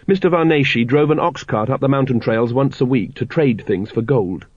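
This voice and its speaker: A man reads a comic fantasy audiobook with wry, measured delivery. The sound is dry and close, slightly dull like a lo-fi recording. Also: mid-range voice, lively intonation, a little mellow, no echo. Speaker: narrator. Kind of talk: audiobook narration.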